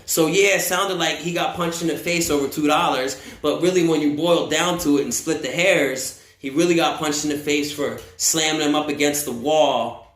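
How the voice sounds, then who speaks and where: A man from the United States telling a story in a casual, profane, animated way, acting out what people said. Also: on the high side, normal speed. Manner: profane, animated, acts out quotes. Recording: roomy echo.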